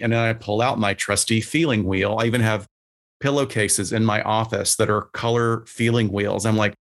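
A psychologist talking loosely on a podcast, his voice sitting low. He gets animated and acts out the things people say to him. Now and then he swears casually. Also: moderate pace. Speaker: psychologist guest.

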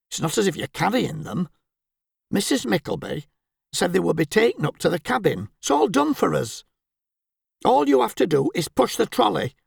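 A man's voice: high-pitched, vocal fry, breathy edge, no room sound, studio quality, exaggerated voice. A man voicing a bossy, fussy middle-aged wife who scolds in a prim, censorious way.

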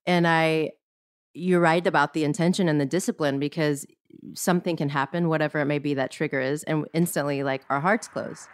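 A woman hosting a reflective conversation, searching for her words slowly and starting sentences over. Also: low voice, fairly even intonation, clear, resonant tone, dry recording, studio quality.

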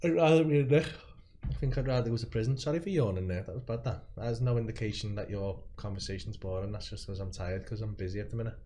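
Fast-talking sweary young man. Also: fairly low pitch, warm tone, slight background noise. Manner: swears a lot, blunt and quick. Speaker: podcast guest, comedian. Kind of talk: casual chat.

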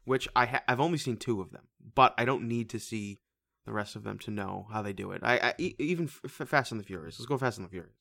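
A man's voice: mid-range voice, fast, creaky, fairly bright tone, no room sound. A man co-hosting a casual movie review podcast, rambling and stumbling over his words as he talks. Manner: rambling, restarts and stammers. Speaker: podcast co-host.

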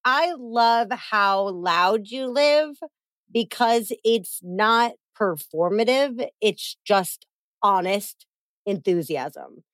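A woman hosting a podcast in casual chat, animated and acting out quotes in big voices. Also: medium pitch, very slow, no echo. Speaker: podcast host.

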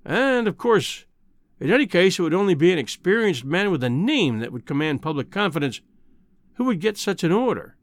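A man's voice: high-pitched, sing-song, fairly quick, no echo, studio quality. A man voicing a kindly, fussy old Scottish newspaper editor in an audiobook.

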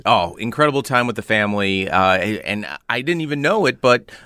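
A man's voice: fairly low pitch, lively intonation, normal speed, pushed and bright, clean tone, dry recording, clean studio sound. An American man co-hosting a podcast, chatting and joking with many filler words. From United States. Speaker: co-host. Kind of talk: casual podcast banter.

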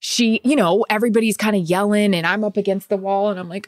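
A woman co-hosting a podcast, telling a personal story in casual chat with emotional, excited bursts. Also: mid-range voice, fast, few pauses, no room sound, clean studio sound. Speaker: podcast co-host.

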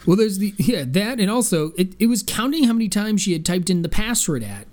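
A man's voice: sits high, very animated, brisk, a little mellow. A man on a casual movie podcast, making dry, understated remarks. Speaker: podcast co-host. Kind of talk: casual movie-review chat.

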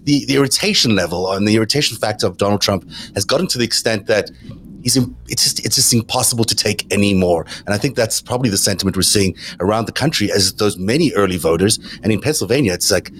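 A male host moderates a political panel, talking fast in a low voice. His sentences wander and restart as he leads the discussion. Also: fairly bright tone, slight background noise. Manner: rambling, with fillers and restarts.

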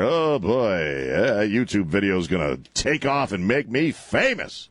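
Brash male talk radio host, deep-ish voice, close dry studio mic, sardonic call-in rant. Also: very animated, unhurried, hardly any pauses, slightly rough, no echo. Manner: brash, mocking, laughs at his own jokes. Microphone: studio microphone.

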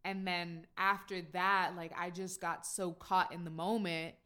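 A woman with a bright, sharp-edged voice, chatting casually. She listens closely and chimes in with warm support and gentle questions. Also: lowish voice, little pitch movement, a little slow, clean tone. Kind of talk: casual conversation.

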